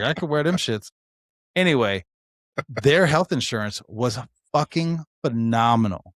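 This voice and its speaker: A man's voice: mid-range voice, unhurried, no room sound. Man in his forties, podcast chat, swears freely, acts out each voice in his stories, dry close sound. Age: 40s. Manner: animated storyteller, acts out quoted dialogue, swears freely. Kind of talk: casual chat.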